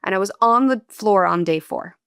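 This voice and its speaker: A woman's voice: mid-range voice, animated, normal speed, vocal fry, fairly bright tone, smooth, no echo, clean studio sound. A woman guest on an interview podcast, earnestly and candidly telling a personal story in a reflective, emotional way.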